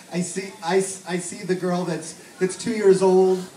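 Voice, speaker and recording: A man's voice: high voice, very noisy. A middle-aged man giving a toast as a father at a family celebration, a fond, joking storyteller. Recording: echoey hall, mic heard from far, crowd behind.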